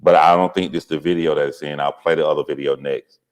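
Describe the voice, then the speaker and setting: A man giving casual, profane commentary on a video clip, moving from low muttering to excited shouting. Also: fast talker. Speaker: reaction commentator.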